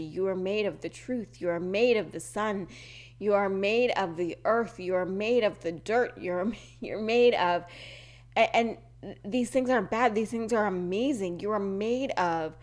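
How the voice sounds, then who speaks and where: Slow-spoken woman with a throat tickle. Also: mid-range voice. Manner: rambling, searching for words, frequent restarts; earnest, repetitive affirmations. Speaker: podcast host. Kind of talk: unscripted spiritual talk.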